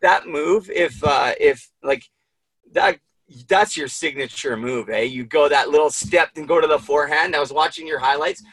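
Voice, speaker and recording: A man's voice: fairly high pitch, moderate pace, fairly bright tone, no room sound, poor audio. A man hosting a casual interview, emotional and rambling, swearing freely. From Canada. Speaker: podcast host.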